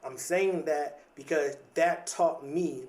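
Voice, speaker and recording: Speaking slowly in a fairly high, slightly mellow voice, a young adult man hosts a podcast. His monologue is earnest, reflective, and motivational, and he often restarts and relies on "like" and "right?"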